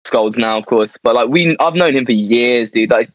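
A man's voice: medium pitch, moderate pace, no echo, lo-fi sound. Give me a casual English band guy, dry and up close, who keeps tossing in "mate" and "to be fair.". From England. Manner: rambling, laughs often, fillers like "mate" and "to be fair". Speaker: band member guest. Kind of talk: casual interview chat.

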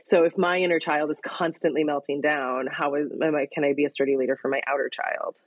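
A woman with a husky, low-pitched voice talks candidly as a podcast guest, frank and animated, dropping the odd swear. Her voice is recorded close and dry, with no room sound around it. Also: fast, no room sound, muffled recording. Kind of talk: candid conversation.

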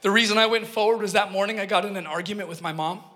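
A pastor with a high, ringing, pushed and bright voice races through a sermon with personal storytelling, earnest and emphatic. He often turns to the congregation with a joke, and a church hall gives his voice a long reverb.

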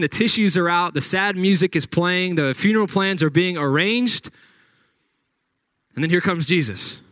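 A man's voice: a little high, fairly bright tone, no room sound. A man preaching a sermon, reading scripture aloud and retelling the story with dramatic acted-out quotes. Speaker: pastor.

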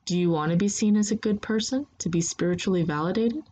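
A woman voicing a calm, blunt woman monk who speaks slowly and plainly. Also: fairly low pitch, close to an everyday voice. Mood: calm, wry. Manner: slow, measured and blunt.

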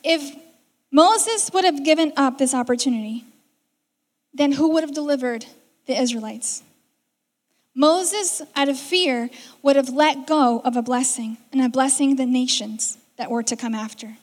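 High-voiced woman preaching in a hall. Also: a little slow. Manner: conversational, acts out quoted lines. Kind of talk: sermon. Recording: reverberant hall.

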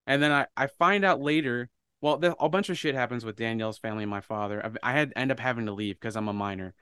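A man's voice: medium pitch, quick pace, smooth, no room sound. A man telling a personal story in casual podcast chat, swearing freely and acting out the people in it. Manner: profane, animated storyteller. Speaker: podcast co-host.

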